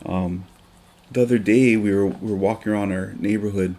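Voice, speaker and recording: A man's voice: lowish voice, fairly even intonation, a little fast, warm tone. A man, a teacher talking earnestly on a casual podcast with many ums and restarts.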